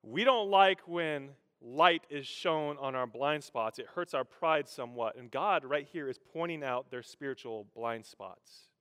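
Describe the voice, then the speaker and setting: A male pastor giving a sermon, telling humorous stories with vocal sound effects in an animated manner. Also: mid-range voice, unhurried, few pauses, clean tone. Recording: echoey hall.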